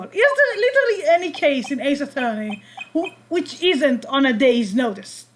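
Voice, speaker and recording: A woman's voice: high-pitched, sing-song, normal speed, a little hiss or hum, rough recording. A woman from Israel with an Israeli accent, streaming a game and making wry asides. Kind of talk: game reading livestream.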